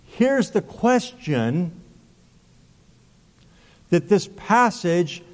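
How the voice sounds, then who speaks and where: A man's voice: high-pitched, big pitch swings, drawn-out words. A male pastor preaching a sermon, emphatic, asking rhetorical questions and repeating words. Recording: long hall reverb.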